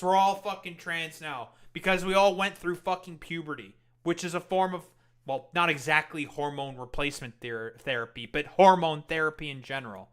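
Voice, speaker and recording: Bright-voiced swearing man ranting. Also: a little high, normal speed. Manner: profane, ranting, heavy swearing; sarcastic, mocking. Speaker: reaction commentator. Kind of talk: casual reaction commentary.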